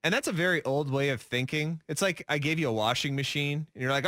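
A sarcastic, opinionated man co-hosting a radio talk show, playing out other people's lines as he rants. His voice is bright and pointed, slightly high for a man, and recorded dry and close. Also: quick pace, dry recording. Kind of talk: casual chat.

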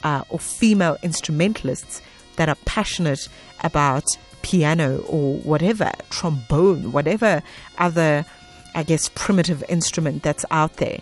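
A woman's voice: low-pitched, moderate pace, soft background music. A woman hosting a radio interview, effusive and smiling as she talks. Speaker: radio host.

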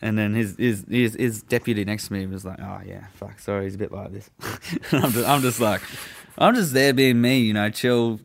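A young man in casual conversation, laid-back and profane. His voice sits low with a gravelly, creaky edge. He rambles through his story in easy, relaxed chat. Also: moderate pace, a little hiss or hum. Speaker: guest telling a story.

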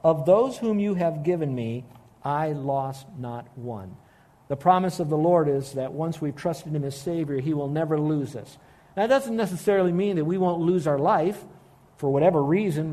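A man preaching a sermon, earnest and emphatic, slowing down to stress key phrases. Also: fairly high pitch, dark tone. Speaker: pastor.

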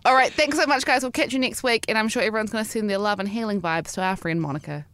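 A woman's voice: medium pitch, quick pace, fairly bright tone, a little hiss or hum. A woman co-hosting a podcast in casual, teasing chat, laughing often. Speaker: podcast co-host.

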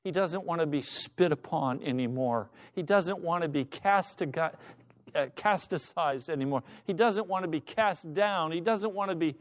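A man preaching a sermon in a high, tenor-range voice. He is impassioned and acts out shouting characters as he tells his story, swinging between hushed lines and sudden cries. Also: a little slow. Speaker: pastor.

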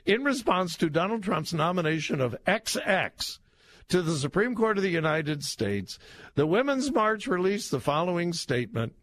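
Speaking in a high, sing-song, slightly bright voice, this male talk radio host gives mocking political commentary, laughing as he talks and stretching words out for emphasis. He's on a studio microphone in a radio studio.

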